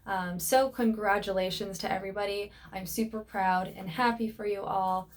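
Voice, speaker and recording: A woman's voice: medium pitch, steady tone, moderate pace. A young woman flight attendant in a casual vlog, rambling and encouraging with lots of fillers.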